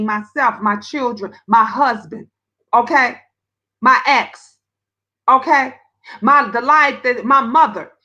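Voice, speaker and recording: Woman host of a live talk stream, high-pitched and bright, blunt and emphatic. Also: highs cut off. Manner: blunt, emphatic, profane, animated storytelling.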